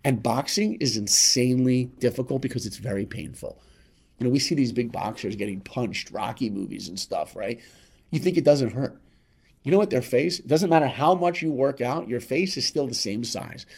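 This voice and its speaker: A man as a podcast guest telling a motivational story, emphatic and repetitive, swinging between loud and hushed. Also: mid-range voice, normal speed, gravelly, slightly rough.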